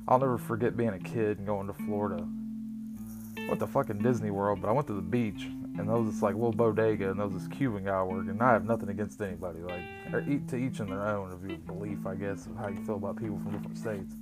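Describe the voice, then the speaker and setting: A young Appalachian-accented man from West Virginia talks at a fairly low pitch. His rambling, foul-mouthed monologue jumps from story to joke, and guitar music plays clearly behind him. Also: fairly even intonation, fast. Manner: profane, crude joking, rambling stories. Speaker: vlogger.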